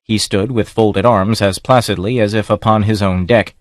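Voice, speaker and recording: A male audiobook narrator with a lowish voice, reading in a steady, measured way. The sound is dry and close, with no room around it. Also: no room sound. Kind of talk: scripted narration.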